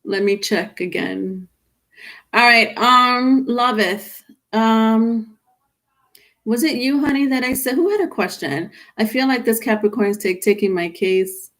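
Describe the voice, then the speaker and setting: A woman's voice: on the high side, measured pace. A woman reading tarot on a live stream, talking with viewers in a chatty, casual way, reading their comments aloud and calling them honey. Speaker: tarot reader.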